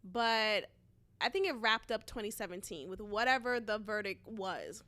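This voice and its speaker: Woman, podcast host, from Boston, chatty solo monologue, rambling asides, crisp bright tone. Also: medium pitch, normal speed. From Boston, USA. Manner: casual, chatty, with frequent asides and fillers.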